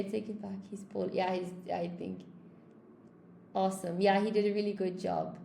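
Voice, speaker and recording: Upbeat woman teacher, gravelly, echoey room. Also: medium pitch, warm tone, slight background noise. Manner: upbeat, encouraging, reads out comments. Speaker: English teacher hosting a live stream. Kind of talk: live stream chat with viewers.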